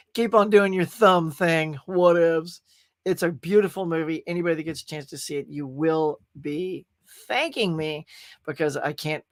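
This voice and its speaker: A man hosts a relaxed pop culture podcast in a noticeably high voice. He rambles and circles back over his words, openly moved by what he is praising. The sound is dry and close with no room around it. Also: no echo. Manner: gushing and emotional; rambling, restarts sentences. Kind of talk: casual movie review chat.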